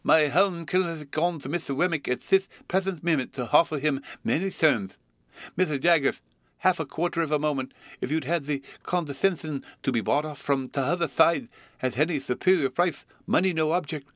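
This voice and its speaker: A man voicing an excitable male client who pleads with his lawyer in a storybook reading, frantic and breathless. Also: on the high side, normal speed, dry recording, clean studio sound, voice pushed up, natural voice. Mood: frantic pleading.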